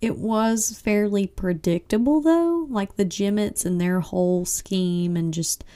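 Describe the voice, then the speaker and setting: A woman hosting a casual solo book-review podcast, chatty and expressive, often saying "like" and "I mean.". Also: medium pitch, measured pace. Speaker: podcast host.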